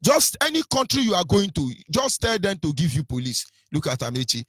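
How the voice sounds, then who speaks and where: A man's voice: on the high side, animated, a little fast, hardly any pauses, husky, dry recording. A Nigerian-accented man presenting on radio in a combative, taunting rant, hurling insults with sing-song lilts.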